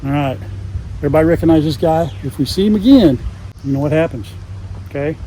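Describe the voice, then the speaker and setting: A man's voice: on the high side, lively intonation, fast, warm tone, slight background noise, rough recording. An older man chatting casually outdoors on his farm, talking to his dogs and to the camera as he goes. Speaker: farm vlogger.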